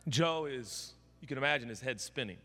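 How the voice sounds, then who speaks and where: A male pastor giving a sermon, telling the story with comic, animated energy in a large church hall with long reverb. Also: medium pitch, a little fast.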